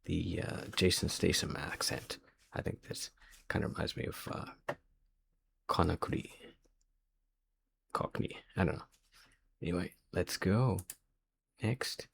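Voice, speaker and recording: A man's voice: sits low, measured pace, vocal fry, a little hiss or hum. A man thinking aloud as he works through a quiz, hesitant and muttering guesses to himself. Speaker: quiz video host.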